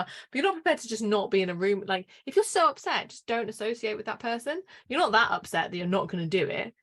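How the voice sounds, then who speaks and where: A woman's voice: medium pitch, animated, quick pace, few pauses, a bit bright. Wry, opinionated woman podcaster. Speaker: podcast co-host. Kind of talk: casual chat.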